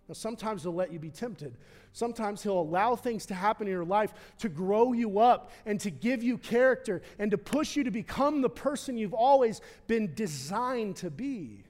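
A male pastor preaching a sermon in a church, building to loud, passionate peaks and then dropping to a quiet, intimate tone. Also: animated, normal speed. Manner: impassioned, swells louder and higher at key points, then drops quiet. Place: church hall with long reverb. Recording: reverberant church hall.

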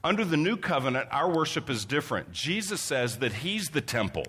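A man's voice: fairly high pitch, sing-song, fairly quick, fairly bright tone, husky. A man preaching a sermon, earnest and explanatory, often repeating words as he teaches. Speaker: pastor. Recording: long reverb of a large hall.

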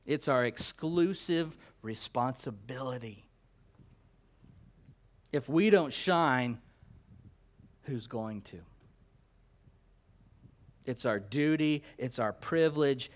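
A man preaching a sermon, swinging between loud emphatic declarations and low quiet asides, with repetition and stammered restarts. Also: animated. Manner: slow, deliberate delivery with repetition and stammered restarts.

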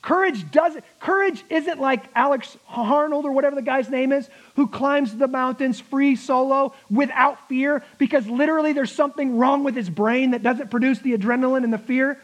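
A pastor preaching a sermon, emphatic, with laughing asides and slowed-down key words. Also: male voice, very high-pitched, rough recording.

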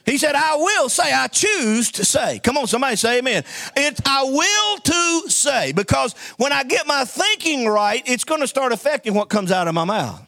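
A man's voice: very high-pitched, expressive, normal speed, pushed and bright, dry recording. A man preaching a sermon, telling folksy stories and calling for amens from the congregation. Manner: call-and-response preaching, folksy storytelling.

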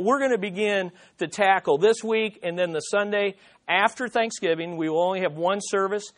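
Guy pastor with a pretty high voice, preaching, earnest and lively, lots of rhetorical questions. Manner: earnest, animated storytelling with repeated rhetorical questions. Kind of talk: sermon teaching.

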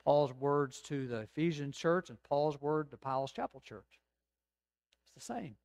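A man preaching a sermon as pastor, rising to emphatic swells and dropping to slow, quiet reflection. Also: fairly high pitch, no room sound.

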